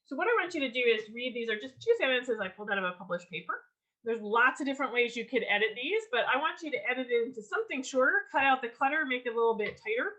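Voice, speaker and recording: A woman teaching a writing workshop over a video call, upbeat and animated, with a voice pitched a little high. Her tone is bright, and she often restarts with an um before carrying on. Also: quick pace, muffled recording. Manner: lively, enthusiastic teaching with frequent ums and restarts. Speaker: workshop leader. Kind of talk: online writing workshop lecture.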